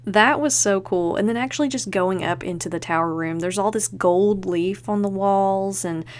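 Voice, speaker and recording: A woman's voice: medium pitch, normal speed. A woman hosting a podcast, chatting casually and enthusiastically and leaning on fillers like "like". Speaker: podcast host.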